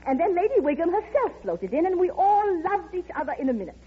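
A gushing, flighty society lady who talks in effusive, breathless rushes. Her voice sits high and swoops all over the place. The sound is dull, like an old radio broadcast. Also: very animated. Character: gushing flighty rich society woman, middle-aged. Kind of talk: 1930s radio acting.

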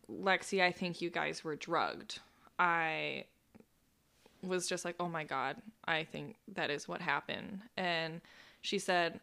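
Young woman, twenties, interview guest, bright clear voice, nervous laughing delivery. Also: on the low side. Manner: talks in a rush with nervous laughs and "like". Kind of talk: personal account in an interview.

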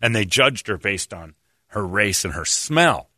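A man hosting a show, ranting sarcastically and mimicking others in mocking voices. His pitch swings widely and his tone is bright and forceful. The sound is dry and close. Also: sing-song, measured pace, no room sound. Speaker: radio show host. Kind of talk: sarcastic comedic rant.

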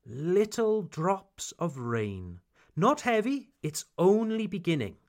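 A British man hosting a language lesson podcast, speaking slowly and emphatically like a teacher and drawing out example phrases. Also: high voice, wildly swooping pitch, a little mellow. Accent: British English. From Britain. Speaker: English teacher, podcast host.

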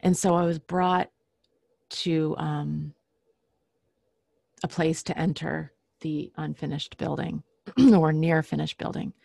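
A woman telling a personal story casually, halting often with fillers and restarts and clearing her throat now and then. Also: low-pitched, steady tone, dark tone, dry recording.

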